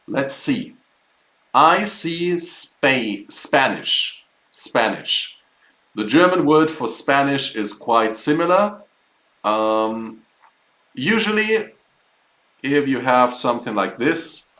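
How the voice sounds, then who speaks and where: Man, language teacher, slow patient explaining, roomy echo, mid-pitched voice. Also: fairly bright tone. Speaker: German teacher. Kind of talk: live online language class.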